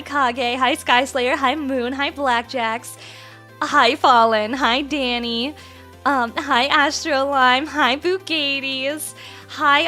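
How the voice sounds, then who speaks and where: A young woman from Canada hosts a relaxed livestream, chatty and quick to giggle as she reads out names from chat. Her voice sits high and sounds bright and sharp. Soft music plays quietly underneath.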